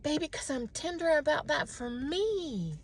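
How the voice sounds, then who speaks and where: A middle-aged woman in a casual self-reflective monologue, animated and talking to herself. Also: high-pitched, unhurried, slight background noise. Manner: animated, talks to herself, mimics others' voices. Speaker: vlogger.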